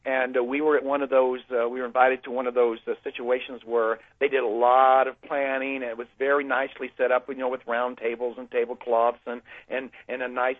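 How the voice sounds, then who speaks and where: A man's voice: mid-range voice, little pitch movement, a little fast, hardly any pauses, dry recording. Man telling a story over a tinny phone line. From United States. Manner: rambling, many fillers and restarts. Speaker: guest speaker. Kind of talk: conversational storytelling.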